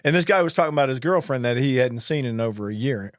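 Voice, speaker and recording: A man's voice: medium pitch, quick pace, no echo, studio quality. Laughing male flight attendant telling stories. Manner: animated anecdotes, frequent laughter, bawdy humor. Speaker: podcast co-host, flight attendant. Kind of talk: casual storytelling chat.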